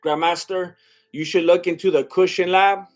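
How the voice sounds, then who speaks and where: A man's voice: high-pitched, fairly even intonation, moderate pace. A young man giving casual live fight commentary as a streamer, exclaiming at big shots and chatting with his viewers.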